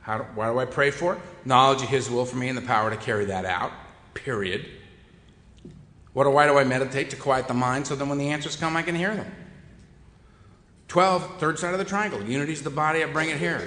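A man's voice: medium pitch, a little fast, long pauses, a bit bright. A man giving a humorous recovery talk, wry and self-deprecating, to a meeting hall. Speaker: recovery speaker. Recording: echoey hall with long reverb.

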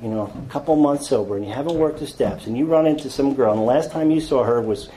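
A man telling his own recovery story to an audience in a rambling, self-deprecating way, full of restarts and quick impressions of other people. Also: medium pitch, mellow, a little hiss or hum, low-quality recording. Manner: acts out others with quick quoted voices. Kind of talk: personal recovery talk to an audience.

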